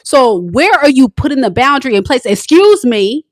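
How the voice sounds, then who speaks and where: A woman hosting a tarot livestream who gives casual advice, swinging from loud dramatic outbursts to calm, low talk. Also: normal speed, no echo, clean studio sound.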